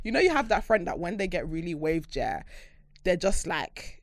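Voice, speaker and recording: A woman co-hosting a podcast, telling stories in casual chat, animated and quick, swearing and laughing often. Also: on the low side, background noise. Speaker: podcast co-host.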